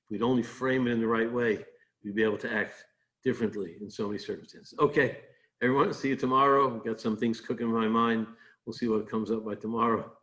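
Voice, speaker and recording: A rabbi in a mid-pitched voice gives a brief daily sermon in a conversational tone. He restarts phrases often and lifts his voice when he drives a point home. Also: steady tone, fast, fairly bright tone. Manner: conversational, rising with emphasis, many restarts.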